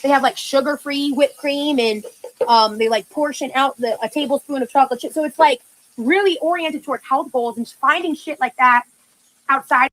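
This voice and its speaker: A woman's voice: high voice, moderate pace, a bit bright, rough recording. A young woman livestreaming in casual chat, talking with valley-girl uptalk and lots of "like".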